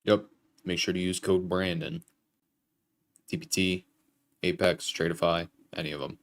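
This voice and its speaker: A man's voice: low-pitched, level tone, a little slow, gravelly. A young man hosting a live trading stream, casually talking chat through his trades with some profanity. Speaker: livestream trading host.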